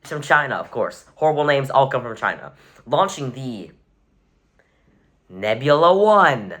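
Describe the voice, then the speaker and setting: Rating rockets in a casual tier-list video, a male vlogger rambles, tossing in wry sarcastic asides and correcting himself often. His mid-range voice is animated, fairly quick, and a bit bright.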